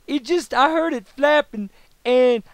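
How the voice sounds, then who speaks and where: A man puts on a sheepish character voice, pitched well above his own and stretched into a slow, whiny drawl. The timbre shifts away from his normal speaking tone. It plays as a goofy bit. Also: no echo.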